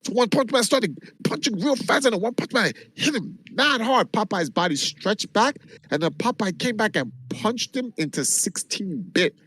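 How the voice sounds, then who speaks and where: A man from Jamaica, a livestreamer, telling a long story in an animated, casual way and swearing freely. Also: high-pitched, normal speed, slightly rough, no room sound. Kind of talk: casual chat.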